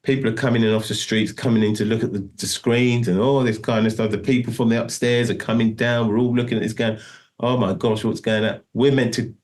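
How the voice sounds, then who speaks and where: A man's voice: mid-range voice, level tone, quick pace, few pauses, darkish tone. A middle-aged man telling a long story in a casual interview, rambling and restarting often. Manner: rambling, full of restarts and "do you know what I mean". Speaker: guest musician.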